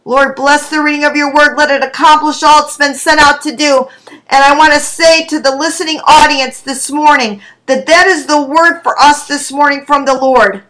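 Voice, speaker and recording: Woman, preacher, sermon reading, deliberate prayerful delivery, high pitch. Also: steady tone, a bit bright, rough recording.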